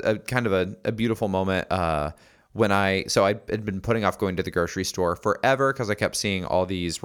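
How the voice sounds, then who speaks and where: A man with a somewhat low voice tells stories on a casual podcast, wandering through ums and restarts. He acts out the people he describes, jumping up into their voices as he goes. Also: fairly bright tone. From Los Angeles area resident. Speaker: podcast co-host. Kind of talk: casual chat, storytelling.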